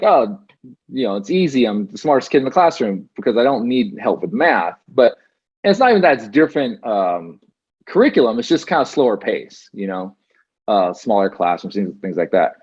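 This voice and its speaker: A man's voice: medium pitch, darkish tone, husky, lo-fi sound. A man as an interview guest, telling his story casually with many fillers and restarts over a video call. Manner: rambling with frequent fillers and restarts.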